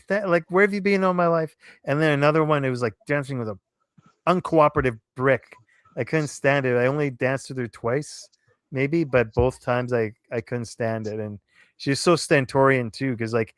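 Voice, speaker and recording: Male co-host, smooth clear voice, animated anecdotal chat, dry close sound. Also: mid-range voice, normal speed, dry recording. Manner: animated storyteller, playful impressions. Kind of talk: casual chat, personal stories.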